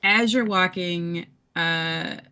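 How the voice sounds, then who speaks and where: A woman's voice: fairly low pitch, extremely slow, sharp tone, clear, resonant tone. A woman running an improvised horror tabletop game as game master, describing scenes in a loose, casual way full of filler words.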